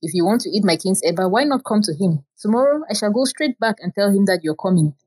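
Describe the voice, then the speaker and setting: A woman's voice: medium pitch, lively intonation, fast, a little mellow, husky. A woman storyteller voicing a loyal male hunter from a folk tale, earnest and reassuring.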